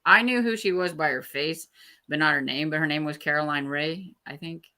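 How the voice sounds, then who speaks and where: A woman speaks on a home mic during a casual reading stream. Her voice is very low for a woman yet bright and sharp in tone, and she talks in a low-key, hesitant way with ums. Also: brisk. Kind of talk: casual chat.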